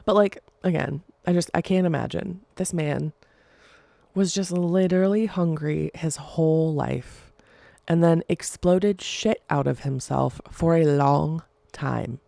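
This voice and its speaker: Woman podcast host, young adult, rambling casual chat, gravelly low voice, dry close sound. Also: a little slow, mellow, no echo. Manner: rambling, chatty, giggly.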